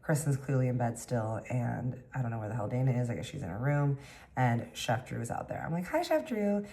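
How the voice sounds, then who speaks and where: Woman vlogger, very deep voice, chatty storyteller quoting everyone. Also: fairly quick, mellow. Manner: chatty, acts out dialogue with lots of "like". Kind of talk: casual storytelling.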